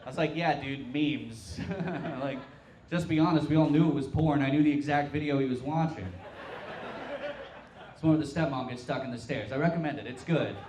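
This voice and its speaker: A young man from Tulsa performing a stand-up set with deadpan, self-mocking crude punchlines. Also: medium pitch, a little fast, noisy background. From Tulsa, Oklahoma. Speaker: stand-up comic. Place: brewery comedy stage, live crowd. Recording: roomy live-venue sound.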